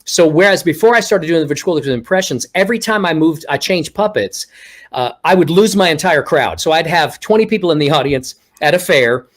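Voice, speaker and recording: A man's voice: fairly high pitch, a little fast. A man from Texas with no regional accent, a guest telling stories in a casual interview, acting out what people said to him. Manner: animated storyteller acting out quoted remarks. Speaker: guest, ventriloquist.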